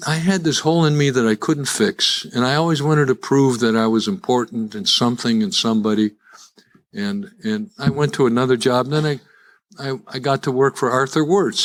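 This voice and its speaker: An older man, speaking to a live audience as a recovery speaker, telling his own story with self-deprecating humor and frequent restarts. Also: medium pitch. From Chicago. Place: live event before an audience.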